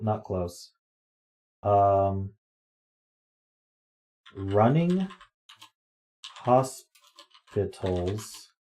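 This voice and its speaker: A man with a lowish voice talks slowly and unhurriedly into a desk mic. He streams live from home, thinking aloud through word puzzles, trailing off into ums as he tries words. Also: warm tone. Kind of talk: casual live-stream chat while playing word games. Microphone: desk microphone.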